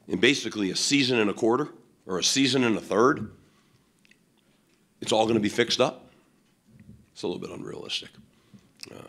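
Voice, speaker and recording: A man's voice: fairly low pitch, a bit bright. A man, a head football coach, answering questions at a post-game press conference in a blunt, emphatic way, with many fillers.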